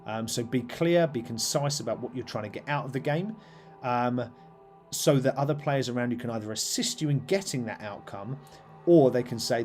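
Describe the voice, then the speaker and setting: A man's voice: medium pitch, normal speed, a little mellow, faint music behind. A man hosting a live stream, chatting casually about tabletop roleplaying with lots of fillers and restarts. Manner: rambling, many fillers and restarts. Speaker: host.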